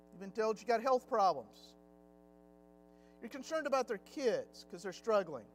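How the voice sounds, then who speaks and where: A middle-aged man teaching a Sunday Bible class in a conversational way. He acts out quotes and chuckles at his own jokes. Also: high-pitched.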